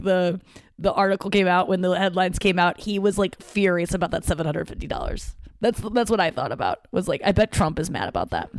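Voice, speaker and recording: In a dry, clean studio recording, a woman with a low, creaky voice delivers a casual solo podcast monologue. She rambles, runs herself down in a joking way, and curses from time to time.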